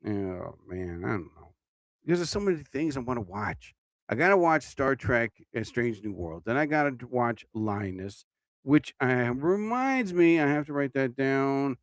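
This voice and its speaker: A man's voice: mid-range voice, very animated, moderate pace, no room sound. A tired man hosting his own livestream podcast, rambling casually and yawning as he talks. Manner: drowsy, yawning, meandering talk. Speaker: podcast host.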